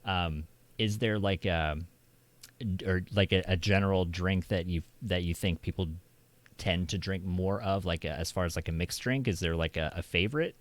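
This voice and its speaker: Deep-voiced American man, rambling chat. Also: moderate pace, dry recording. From Oklahoma, US. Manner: rambling, laughs often, many fillers. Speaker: streamer host. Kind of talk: casual chat.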